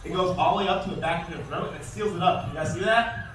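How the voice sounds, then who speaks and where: A man presenting a live alligator show, joking with and quizzing the crowd and calling out loudly to them. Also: high voice, fast. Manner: calls out loudly to the audience. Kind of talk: live comedic animal demonstration. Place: outdoor show arena. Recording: echoey, distant outdoor recording with faint noise.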